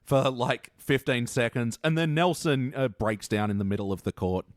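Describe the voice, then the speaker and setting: A man's voice: medium pitch, moderate pace, no echo, studio quality. A man chatting casually on a podcast panel, reviewing cartoon episodes and jumping into quoting scenes. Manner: animated, jumps into quoting scenes.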